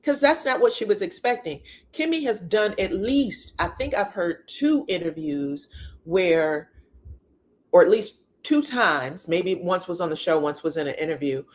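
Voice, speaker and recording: A woman giving a sassy, casual recap of reality TV drama, full of rhetorical questions and blunt asides. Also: fairly low pitch. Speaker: reality TV commentator.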